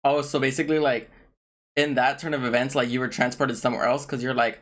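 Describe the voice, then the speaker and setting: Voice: medium pitch, steady tone, fast talker, a bit bright. A podcast co-host in casual chat, jumping in eagerly with comparisons and reactions.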